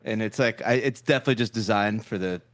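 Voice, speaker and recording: A man's voice: fairly low pitch, fast talker, fairly bright tone. A man co-hosting a podcast, talking casually and hesitantly with constant "like" fillers. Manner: hesitant, heavy use of "like". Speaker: podcast co-host. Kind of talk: casual chat.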